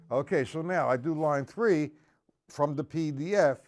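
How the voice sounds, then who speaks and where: A man teaching drums on a live stream, counting the beats out loud and making gruff, cussing asides to his viewers. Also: on the high side, expressive, normal speed, over loud music. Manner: counts beats aloud loudly, gruff asides and mild swearing. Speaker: drum teacher. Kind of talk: live-streamed drum lesson.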